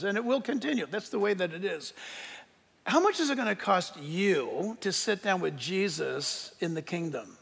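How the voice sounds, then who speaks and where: An older man preaching a sermon as pastor, animated and emphatic, joking as he goes. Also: high voice, fairly quick, vocal fry, in a large hall.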